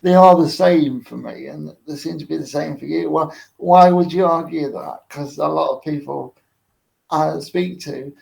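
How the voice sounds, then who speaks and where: A man hosting a book club interview, asking halting questions with fillers. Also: a little high, gravelly, darkish tone, rough recording. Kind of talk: casual interview conversation.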